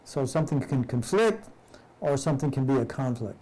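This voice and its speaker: A man's voice: mid-range voice, little pitch movement, warm tone, rough recording. Man reading and explaining a spiritual text. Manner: reads aloud haltingly, rereads and restarts passages; explains in plain words after each passage. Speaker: study group leader.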